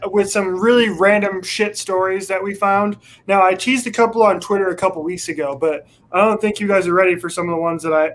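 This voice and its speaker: A man with a notably high voice co-hosts a loose, casual talk show. He is laid-back and wry, reading odd news stories aloud and swearing freely. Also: fairly bright tone. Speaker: co-host.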